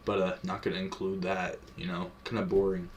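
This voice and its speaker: A man's voice: sits low, little pitch movement, a little fast, far from the mic. Profane young man rambling through a storytime. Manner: profane and rambling, heavy on fillers; chuckles through the telling. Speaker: vlogger. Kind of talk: casual storytime vlog.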